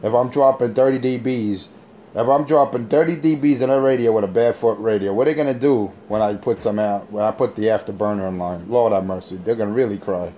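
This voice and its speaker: A low-voiced man with a dark, mellow tone keys up his handheld radio mic to taunt the other operators. He boasts, mocks and drags his words out in a lazy drawl, sounding completely sure of himself. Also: quick pace, slight background noise. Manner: boastful, taunting trash talk. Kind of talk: on-air radio banter.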